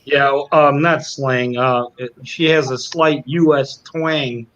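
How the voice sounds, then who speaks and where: A man hosting an art livestream on a video call, chatting casually and reading out viewer comments with excitable, stumbling restarts. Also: medium pitch, takes it slowly, highs cut off. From United States. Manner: excitable, repeats words when he starts a sentence.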